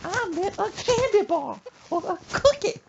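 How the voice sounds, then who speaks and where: Shrill cranky old mama. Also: female voice, wildly swooping pitch, brisk, noisy background, full character voice. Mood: scolding. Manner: shrieking, scolding, squawking. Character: cranky shrill old mother, hot-tempered. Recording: muffled lo-fi podcast audio.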